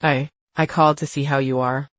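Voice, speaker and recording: A woman voicing an exhausted, remorseful grown daughter in a spoken story, halting and hesitant. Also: extremely low pitch, fairly even intonation, no room sound.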